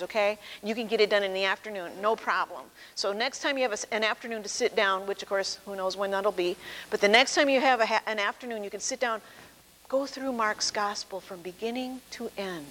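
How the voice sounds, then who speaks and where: A woman's voice: on the high side, fairly bright tone. A woman pastor giving a conversational sermon in a church, acting out quoted voices as she tells the story. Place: church sanctuary. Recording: long reverb with mains hum.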